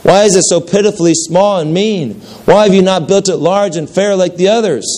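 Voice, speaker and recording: A man's voice: on the high side, moderate pace, darkish tone, voice pushed up, natural voice. A man voicing a proud, indignant older man who stammers out earnest protests about his good deeds during a story reading. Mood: resentful.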